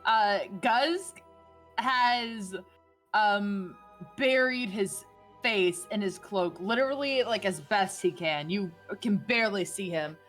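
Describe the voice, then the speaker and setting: A woman narrating a tabletop game as game master in a casual, animated way. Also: mid-range voice, faint music behind. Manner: animated, casual, quick to laugh.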